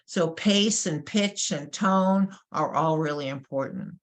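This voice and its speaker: A woman with a New York accent giving a webinar presentation as a workshop presenter, emphatic and animated, asking rhetorical questions. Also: low voice, slow pace. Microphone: webinar microphone.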